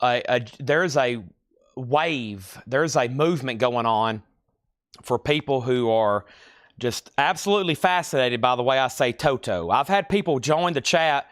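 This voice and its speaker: A man with a rural American country accent, hosting a live-stream record sale and calling out titles and prices in brisk patter with dry, joking asides. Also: medium pitch, animated, no room sound. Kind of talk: live auction sales patter.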